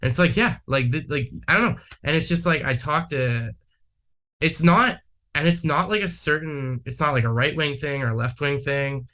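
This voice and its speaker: A man's voice: a little high, expressive, normal speed, pushed and bright. A man from Manitoba, Canada, chatting casually on a podcast, rambling with lots of fillers and swearing. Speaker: podcast guest. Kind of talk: casual chat.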